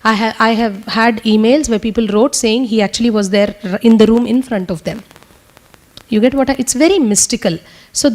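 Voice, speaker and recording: A woman leading a spiritual teaching session, talking fast in an earnest, testimonial way. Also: fairly high pitch, a little mellow. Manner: talks fast. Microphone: speaking to a room with translators.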